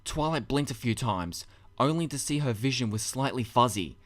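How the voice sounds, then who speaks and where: A man narrating his own story in a dramatic audiobook reading, with measured, expressive storytelling. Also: medium pitch. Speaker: narrator and author.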